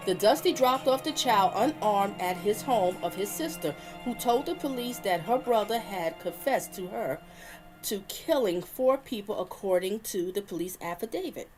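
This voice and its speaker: A woman hosting her own channel, reading crime news aloud and stopping to react with feeling. Her voice sits at an ordinary middle pitch. Soft music runs faintly underneath. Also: lively intonation, normal speed. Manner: emotional, reacts aloud between read passages. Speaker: channel host.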